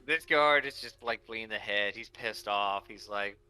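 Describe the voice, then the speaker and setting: A man's voice: fairly low pitch, moderate pace, sharp tone, clear, resonant tone, no room sound. A man narrating as dungeon master in a casual tabletop game, talking loosely with many fillers.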